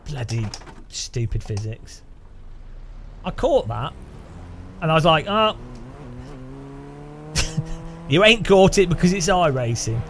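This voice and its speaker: A man's voice: a little high, animated, measured pace, long pauses, a bit bright, slight background noise. A man chatting casually on a gaming stream, laughing and grumbling at the game. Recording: light music behind.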